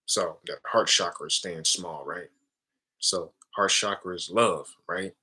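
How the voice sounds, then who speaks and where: Man, low voice, edgy bright tone, casual spiritual talk, frequent tag questions. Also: a little slow, husky. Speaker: spiritual teacher.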